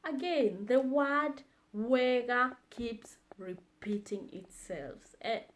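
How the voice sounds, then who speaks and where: A woman, hosting her own channel and teaching phrases, repeating each one slowly and encouragingly. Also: fairly high pitch. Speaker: language teacher, channel host. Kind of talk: slow, repetitive vocabulary lesson.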